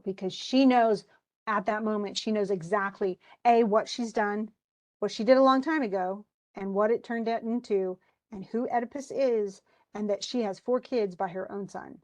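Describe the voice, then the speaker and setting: A woman's voice: medium pitch, darkish tone. A woman teaching a class, retelling a tragedy in casual speech and briefly acting out the characters' lines. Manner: casual, acts out lines in quick voices.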